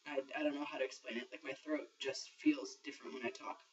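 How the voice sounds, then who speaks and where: A man's voice: medium pitch, steady tone, quick pace, slight background noise. A young trans man talking casually in a video diary, rambling with lots of ums and the odd swear word. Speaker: vlogger sharing a transition diary. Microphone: built-in camera mic. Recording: muffled lo-fi camera audio from a distance.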